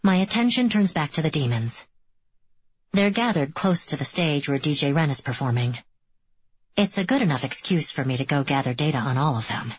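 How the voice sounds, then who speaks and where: Brief: woman, deep voice, first-person audiobook narration, slightly dull recording. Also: lively intonation, fairly quick, slightly rough, dry recording.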